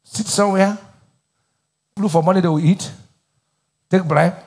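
A man's voice: high voice, fairly even intonation, unhurried, a little mellow, long reverb tail. A Nigerian man preaching a sermon as pastor, asking the crowd to finish his lines in call-and-response. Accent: Nigerian English.

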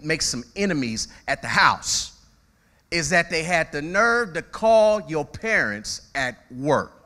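A man preaching a lively, storytelling sermon. His voice is bright and fairly high, and it swings widely in pitch. He talks straight to the congregation and doubles up his words as he builds each point. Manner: animated, conversational preaching with call-outs to the congregation; repeats words when starting phrases. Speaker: pastor.

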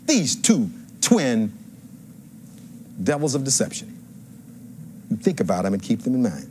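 A man's voice: on the low side, big pitch swings, unhurried, pauses often, darkish tone, a little hiss or hum. A defense attorney in his fifties giving a courtroom closing argument to a jury, emphatic and rhetorical, building phrases through repetition. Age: 50s.

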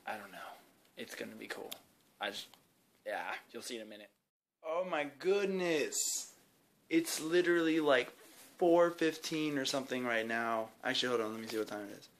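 Young dude vlogging behind the scenes, rambly and excited, lots of ums, medium voice. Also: male voice, mid-range voice, moderate pace. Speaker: YouTube creator. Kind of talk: casual behind-the-scenes vlog. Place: indoor home video set with lights.

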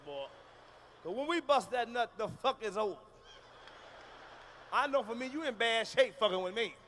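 A man doing a loud, profane stand-up routine on stage, telling stories with shouts and acted-out moans. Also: very high-pitched, slight background noise. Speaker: stand-up comedian. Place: large live venue on stage.

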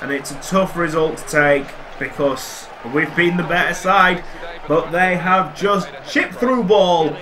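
A young man commentating his football video game, excitable and quick to swear and shout at near misses. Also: on the high side. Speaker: gaming commentator. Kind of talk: casual gameplay commentary. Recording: crowd noise from game audio.

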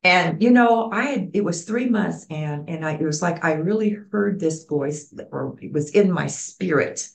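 Older woman telling lively stories. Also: fairly low pitch, normal speed, vocal fry, hardly any pauses. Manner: animated storyteller acting out quoted voices. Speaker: community program founder, guest. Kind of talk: storytelling interview.

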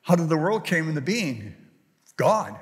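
A man's voice: on the high side, sing-song, measured pace. An older male pastor preaching a sermon in a church, rambling and folksy, with plenty of fillers and restarts. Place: church sanctuary. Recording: long hall reverb.

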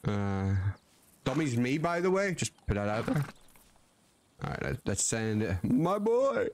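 A man streams a western roleplay, speaking in character with a folksy cowboy drawl, swearing, joking and laughing at himself. His mid-range voice is sing-song and darkish in tone, at a measured pace.

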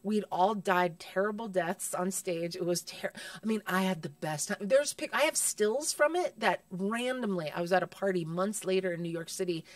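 A woman, a comedian, telling stories in casual chat, animated and profane, acting out other people's voices. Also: medium pitch, moderate pace, few pauses, no room sound, far from the mic. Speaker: guest comedian.

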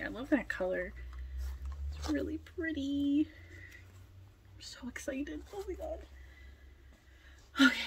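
A young adult woman chatting casually as she unboxes a doll, gushing with excitement, now and then dropping to a whisper and a little out of breath. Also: a little high, background noise. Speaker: doll collector vlogger.

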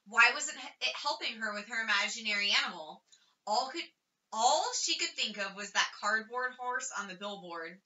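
A woman reading a children's chapter book aloud with lively, expressive storytelling. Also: fairly high pitch, normal speed. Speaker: audiobook reader. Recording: slightly distant, dull lo-fi recording.

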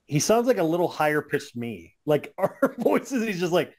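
A man with a lively, swooping voice telling animated stories on a podcast. He jumps in and out of acted voices as he talks. His delivery is casual and chatty. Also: a little high, normal speed, hardly any pauses. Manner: animated storyteller, acts out voices. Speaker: podcast co-host.

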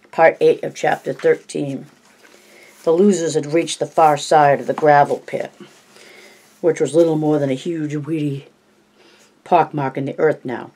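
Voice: mid-range voice, darkish tone. An amateur audiobook reader narrating plainly, with coughs, stumbles and self-corrections.

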